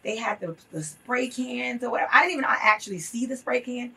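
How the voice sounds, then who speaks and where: Husky-voiced woman, earnest and impassioned. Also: a little high, a little fast, sharp tone, distant mic. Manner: earnest, impassioned, repeats for emphasis. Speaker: interview guest. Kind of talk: emotional storytelling in an interview.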